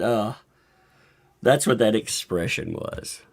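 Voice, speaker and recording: A man hosting a casual live stream, commenting and chuckling often as he talks. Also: normal speed. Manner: chuckles often through his talk; animated, swinging up and down in pitch.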